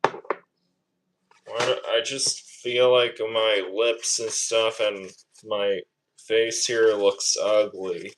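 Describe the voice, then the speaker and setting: Slow-talking low-voiced man livestreaming. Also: level tone, rough recording. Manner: rambling, repeats phrases, self-conscious asides. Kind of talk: casual livestream chat while cooking. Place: home kitchen, indoors. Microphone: phone camera.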